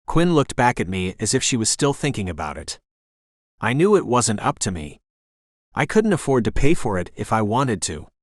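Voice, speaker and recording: A man narrating a romance audiobook in the first person, in an even storytelling manner. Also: fairly low pitch, normal speed, dry recording, clean studio sound.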